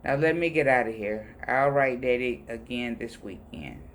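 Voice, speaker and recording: A man's voice: medium pitch, normal speed, slight background noise. Man reading personal letters aloud. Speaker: reader of letters.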